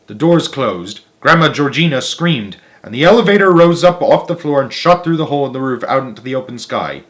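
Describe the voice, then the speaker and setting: Casting: young man narrating a classic children's storybook, steady and expressive. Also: mid-range voice, a little fast. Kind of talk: children's book read-aloud.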